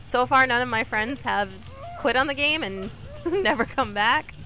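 A woman streamer giving casual commentary while she plays, chatty and talking to her teammates and the killer, with sudden excited yelps. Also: on the high side, normal speed. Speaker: gaming streamer.

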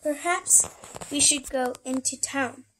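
A woman voicing an eager young kitten in a picture book, in a slow, sweet childlike voice. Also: high voice, fairly bright tone, faint music behind, low-quality recording.

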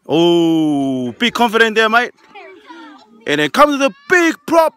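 A man hosting a family vlog, interviewing players and calling a pretend match like an excited live sports commentator. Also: sits high, a little slow, clear, resonant tone. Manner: excited interviewer, shouts chants and play-by-play.

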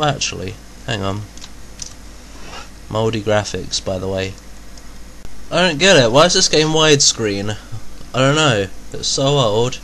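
A man's voice: mid-range voice, a bit bright, a little hiss or hum. A man with a cold and a slightly nasal voice, chatting casually and joking through a let's-play. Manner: chatty, joking, exclaiming at the game. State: has a cold, a bit nasal. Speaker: gaming video host.

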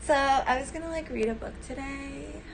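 Woman doing an airheaded, breathy valley girl. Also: sits high, normal speed, background noise. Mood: airy. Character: airheaded bubbly young woman.

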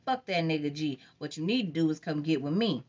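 A woman voicing a loud, boastful young man in an audiobook reading, mocking and crude, on a dull lo-fi recording. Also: low-pitched, expressive, fairly quick.

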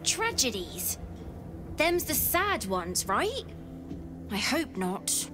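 A woman's voice: fairly high pitch, very animated, very slow, heavily acted. Arabella, a scrappy tiefling girl. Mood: sad. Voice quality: rough folksy grammar. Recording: game audio with music behind.

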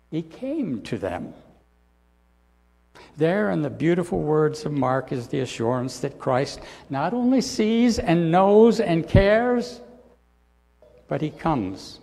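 A male pastor preaching a sermon in a dramatic style, often sinking to soft, low endings. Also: big pitch swings, takes it slowly, vocal fry, in a large hall. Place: church sanctuary.

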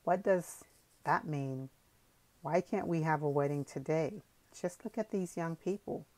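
A hearty middle-aged father who brushes off fuss and pushes ahead, in a storybook reading, voiced by a woman narrator. The voice stays low. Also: a little mellow, dry recording. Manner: brisk, decisive.

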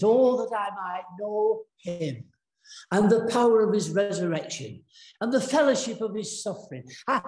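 Earnest preacher with a Northern English accent, roomy. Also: male voice, high voice, darkish tone. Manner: earnest, storytelling with many restarts. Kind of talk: sermon. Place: church.

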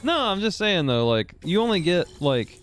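A man's voice: high voice, sing-song, moderate pace, a bit bright. A man co-hosting a gaming video in easygoing casual banter. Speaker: co-host.

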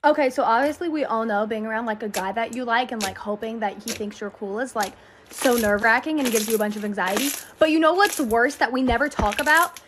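Synthetic woman's voice, text-to-speech storytime, high and quick, gushing and anxious, clicks behind. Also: background noise.

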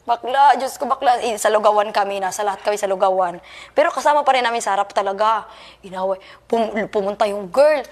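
A woman with a Visayan accent telling a story in animated casual chat, calling her listener "Day" again and again. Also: medium pitch, fast talker. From Visayas, Philippines. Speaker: housemate.

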